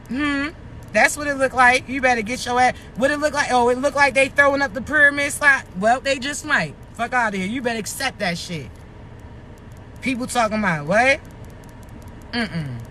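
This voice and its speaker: A woman's voice: sits high, bright, forceful tone. A woman in her thirties ranting bluntly to her followers in a casual vlog, swearing and firing rhetorical questions, a little out of breath, outdoors near traffic. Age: 30s. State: short of breath. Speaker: vlogger. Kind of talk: casual rant to camera.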